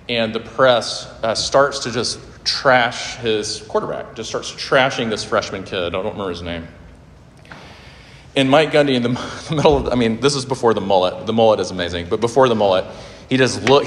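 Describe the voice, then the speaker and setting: A man's voice: mid-range voice, a bit bright, slight background noise. Earnest preacher man in a reverberant hall. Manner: earnest, conversational, with fillers and restarts. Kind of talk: sermon. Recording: hall reverb with faint ambience.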